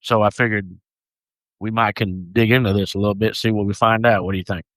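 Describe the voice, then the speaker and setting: A man's voice: on the low side, steady tone, quick pace, a bit bright, no echo, low-quality recording. A man with a Southern US accent co-hosting a podcast, telling stories in an easygoing, joking way. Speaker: podcast co-host. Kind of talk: casual podcast chat.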